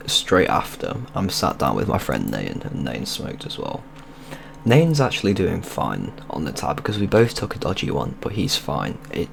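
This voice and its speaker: A man's voice: low voice, gravelly, a little hiss or hum. A young man, telling a rambling, sweary story in casual vlog style over gameplay. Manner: rambling, sweary and loose, with many restarts. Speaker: video creator.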